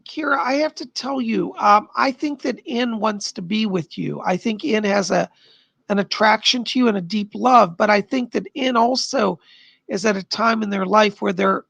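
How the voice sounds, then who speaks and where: A man hosting a live stream of psychic readings, chatty and animated, his voice tiring. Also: high-pitched, gravelly, dry recording. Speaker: psychic medium host.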